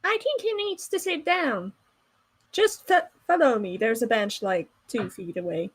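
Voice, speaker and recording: A woman playing a tabletop role-playing game, talking casually in a quick, practical and lightly teasing way. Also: a little high, lively intonation, breathy edge. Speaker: player. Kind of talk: casual role-play chat.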